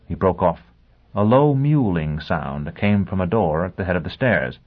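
A male narrator reads a novel aloud in a steady, even storytelling manner. His voice sits fairly low, and the recording sounds dull and lo-fi. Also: normal speed. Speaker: audiobook narrator. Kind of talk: scripted narration. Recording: dull lo-fi audio.

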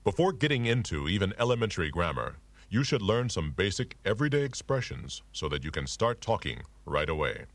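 Man, very deep voice, animated intonation, formal instructional narration, dry close recording. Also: a little fast, dry recording. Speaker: language instructor. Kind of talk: scripted language lesson narration.

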